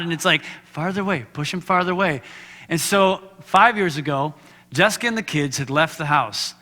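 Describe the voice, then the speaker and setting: A man gives a candid, conversational sermon, often stopping to ask the congregation questions. His voice is bright and fairly high for a man. It rings out with the long reverb of a church hall. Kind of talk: sermon with personal testimony. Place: church sanctuary.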